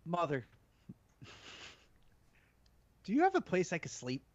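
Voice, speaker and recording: A man playing a brash, eager warrior in a tabletop game, declaiming loudly in a raised voice. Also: huge pitch swings, fast talker, no echo. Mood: boisterous. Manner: loud, high and declaiming. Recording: dull lo-fi mic.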